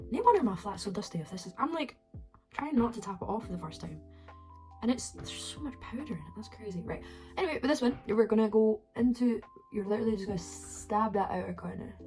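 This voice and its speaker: A woman with a Scottish accent giving a chaotic, sweary makeup tutorial at home, with sudden soft muttered asides. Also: medium pitch. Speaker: beauty vlogger. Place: her flat at home.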